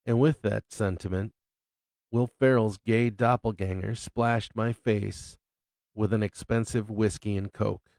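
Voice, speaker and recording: A man reading his own novel aloud as an unhurried storyteller with crude humor. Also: fairly low pitch, steady tone, vocal fry, darkish tone, no room sound. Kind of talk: live reading of fiction.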